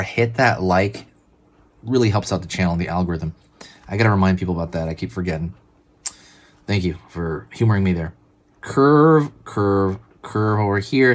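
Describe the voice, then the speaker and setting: A man with a fairly low voice hosts a drawing tutorial. He talks in a relaxed, chatty way, calling out each curve and line as his pen moves. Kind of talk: casual step-by-step drawing instruction.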